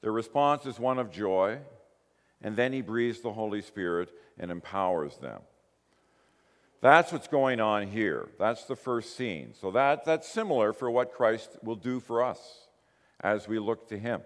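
Animated preacher man in a reverberant hall. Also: lowish voice, measured pace. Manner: animated storytelling, acting out quoted lines. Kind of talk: sermon.

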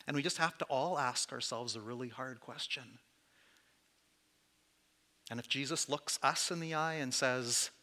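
A man's voice: medium pitch, unhurried, pauses often, bright, forceful tone. A man preaching as pastor to his church, candid and conversational, with self-deprecating asides. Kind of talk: sermon.

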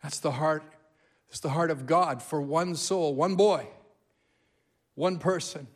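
Animated, high-voiced male preacher. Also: takes it slowly. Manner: animated storytelling, emphatic repetition. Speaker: guest preacher. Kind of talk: sermon.

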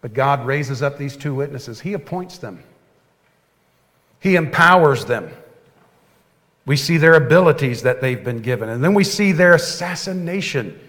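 A man preaching a sermon as pastor, earnest and folksy, often dropping to a soft hush. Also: mid-range voice, expressive, moderate pace, long pauses. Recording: long hall reverb.

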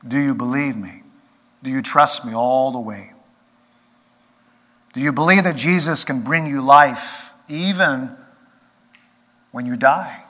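Slow, bright-voiced man preaching in a hall. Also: mid-range voice. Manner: earnest, rising to emphatic peaks then dropping quiet. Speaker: pastor. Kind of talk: sermon. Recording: long reverb of a large hall.

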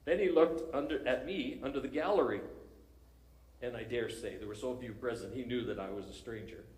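A man's voice: medium pitch, fairly quick. Storytelling male pastor in an echoey room. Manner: animated storytelling, chuckles often. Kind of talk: sermon.

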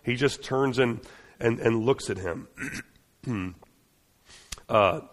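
A man delivers a sermon in an earnest, conversational manner, his voice sitting at an ordinary middle pitch. He talks it through loosely, doubling back on his words. His voice rings out with the long reverb of a large hall. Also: takes it slowly. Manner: conversational and earnest, with frequent restarts and fillers. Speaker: preacher.

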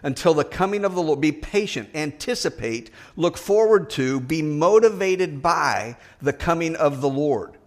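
A middle-aged man preaching a sermon, earnest and emphatic, rising higher on the words he stresses. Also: expressive, normal speed, few pauses.

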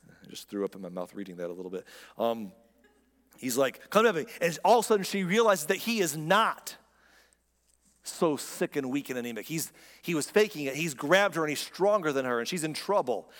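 A man's voice: fairly high pitch, sing-song, brisk, a bit bright, in a large hall. A man preaching a sermon in a conversational, impassioned way, speaking directly to his listeners. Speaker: pastor.

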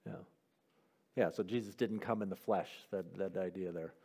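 A man's voice: sits low, steady tone, normal speed, vocal fry, warm tone, breathy edge. A man giving a sermon who reads scripture aloud and then asks his listeners what they heard. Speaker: preacher leading a Bible discussion. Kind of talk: sermon with scripture reading and group discussion.

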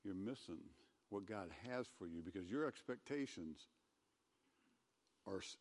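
A man giving a conversational sermon as a pastor, who gets loud and emphatic when he reads scripture aloud. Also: low-pitched, lively intonation, unhurried, long reverb tail. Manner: conversational preaching, rising to loud scripture reading.

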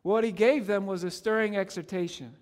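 High-voiced preacher man in a reverberant hall. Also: fairly even intonation, fairly quick. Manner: emphatic, repetitive preaching cadence. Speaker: pastor. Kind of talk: sermon.

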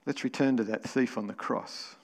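A man's voice: mid-range voice, fairly even intonation, normal speed, gravelly, big-room sound. A man preaching a sermon as pastor, emphatic and building to exclamations. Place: church.

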